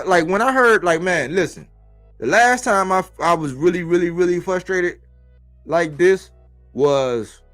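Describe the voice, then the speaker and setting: A man hosting a boxing livestream, talking in a casual, profane way full of street slang. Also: medium pitch. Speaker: boxing podcast host.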